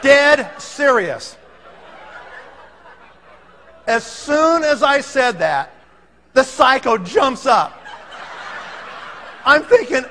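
High-voiced man telling a comic story. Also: slow, a little hiss or hum. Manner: animated, laughing, dramatic. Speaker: speaker.

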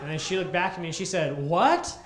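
A man performing a stand-up comedy set in a club, telling an animated story and acting out the people in it. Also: a little high, racing, background noise. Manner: animated storytelling, acts out characters. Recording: echoey club room, audience laughter.

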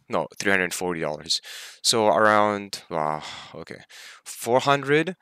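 A man's voice: lowish voice, bright, forceful tone, clear, resonant tone, dry recording. A young man venting his stress and anger in a daily vlog, swearing often and sounding tired. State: tired, half asleep. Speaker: vlogger.

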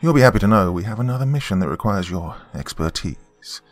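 A man's voice: on the low side, lively intonation, a little fast, no echo, faint music behind, lightly acted. Man doing a posh British mission handler. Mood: measured.

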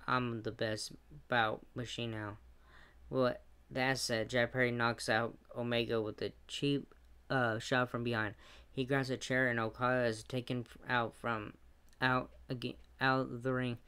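Man recapping wrestling, flat smooth voice. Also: mid-range voice. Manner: play-by-play recap with fillers and quick asides. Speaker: wrestling show reviewer.

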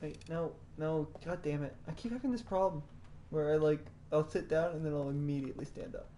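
A man's voice: fairly high pitch, a little fast, mellow, a little hiss or hum. A Canadian man with a Canadian accent, commenting on a game he is playing in a flustered, self-deprecating way. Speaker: game streamer. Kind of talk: casual let's-play commentary.

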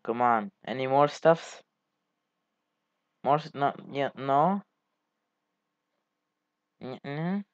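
Slow, rambling man on a dull mic. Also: medium pitch, no echo. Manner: rambling, halting, swears casually. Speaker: gaming channel host. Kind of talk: casual gameplay commentary.

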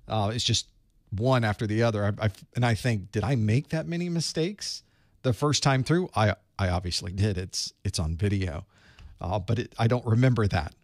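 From a small dark room, a middle-aged man who teaches IT certifications hosts a live study group, chatting loosely beforehand, welcoming viewers by where they're from, and rambling about his job. His voice is fairly low, on a dry, studio-quality recording.

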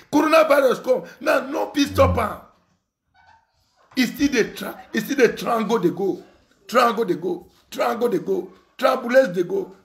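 A man's voice: sits high, gravelly. A young Nigerian man speaking Nigerian Pidgin English, ranting angrily with insults, mocking laughter and repeated phrases. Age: young adult. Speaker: online commentator. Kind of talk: angry rant.

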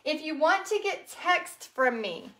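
A woman's voice: high voice, sing-song, measured pace, bright, forceful tone, reverberant. A woman with a Texas accent chatting casually to livestream viewers while she paints, rambling and talking straight to them. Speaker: craft business teacher and livestream host.

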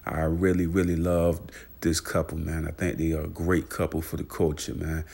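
Hosting a casual celebrity news vlog, a man with a very deep, gravelly voice speaks at a moderate pace with low, flat pitch. He piles on fillers, shout-outs and hype for viewers, his delivery loose, conversational and repetitive.

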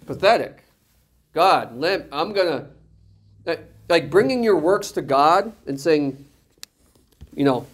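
Animated male preacher with a raised voice. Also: a little high, slow, long pauses. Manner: animated, joking, rhetorical questions. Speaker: pastor. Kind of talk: sermon.

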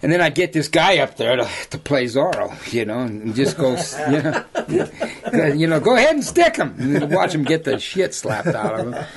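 A crowd can be heard behind this lion hunter and outfitter as he tells rambling yarns in an interview. His mid-range voice has lively intonation and a moderate pace, and he frequently says "you know" and laughs at his own stories.

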